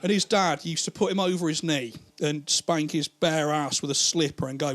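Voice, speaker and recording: Stand-up comic, man, slightly high voice, rambling profane delivery, quick character voices, live mic. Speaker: stand-up comedian. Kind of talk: stand-up comedy routine.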